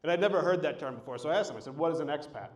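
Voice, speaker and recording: A man's voice: on the high side, animated, racing. A man headlining a live stand-up comedy set, telling loose, profane stories into a stage mic. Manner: loose, profane, storytelling delivery. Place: live comedy show at an art venue. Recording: echoey room.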